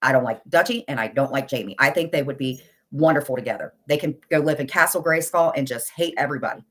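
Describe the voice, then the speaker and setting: A woman's voice: rumbling low, fast, fairly bright tone. A middle-aged woman with a blunt, insulting, exasperated manner, ranting in casual chat on a livestream. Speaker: livestream commentator.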